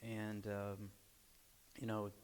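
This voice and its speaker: A man in his forties from Arkansas, telling a lively personal story at church and acting out the dialogue. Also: lowish voice, very slow, clean tone. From Arkansas, USA. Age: 40s. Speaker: church speaker. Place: church sanctuary. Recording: echoey church hall.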